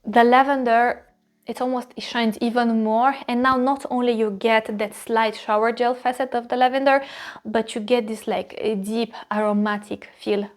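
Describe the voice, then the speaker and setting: A woman's voice: a little high, flat delivery, normal speed. A woman reviewing fragrances in a casual video, gushing and repeating phrases as she searches for words.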